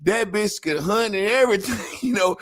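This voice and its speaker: A man's voice: high-pitched, moderate pace, no room sound. Profane storytelling man in a dry room. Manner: profane, rambling storytelling with animated impressions. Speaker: podcast host. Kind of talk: casual chat.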